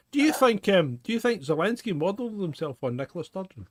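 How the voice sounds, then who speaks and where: A man co-hosting a casual podcast, quick to laugh and swear in lively banter. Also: sits high, no room sound, studio quality. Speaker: podcast co-host. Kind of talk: casual chat.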